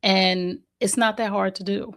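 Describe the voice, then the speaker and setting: A woman's voice: mid-range voice, unhurried. A woman with a New Jersey accent, a mother and autism advocate, telling stories in a casual interview and acting out what people said. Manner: animated storyteller, acts out quotes.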